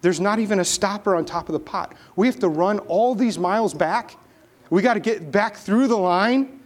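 Man playing a high-voiced young soldier, fed up and incredulous, in a storytelling sermon. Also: normal speed. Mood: exasperated. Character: exasperated young soldier brother, complaining.

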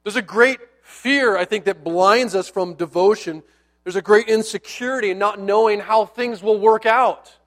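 A male pastor preaching a sermon in a conversational, animated storytelling style with playful asides, dropping to a near hush on key words. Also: sits high, moderate pace.

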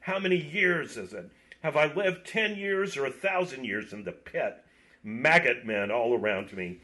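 A man's voice: mid-range voice, animated, unhurried, sharp tone, pitched above the performer's own voice. A man voicing a tormented, desperate young knight under a spell, pleading and anguished. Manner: pleading, anguished, rising to cries.

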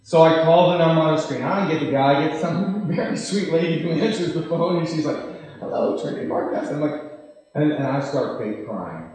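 A man preaching a sermon as pastor, swinging between loud emphasis and hushed asides. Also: fairly high pitch, expressive, normal speed. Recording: echoey hall reverb.

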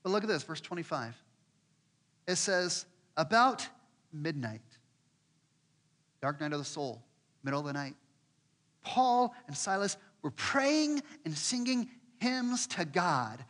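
A man's voice: fairly high pitch, takes it slowly, long pauses, big-room sound. A man preaching a sermon, telling a scripture story and acting out the inner voices of the people in it. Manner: expressive preaching, acts out quoted voices, repeats words when building. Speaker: pastor.

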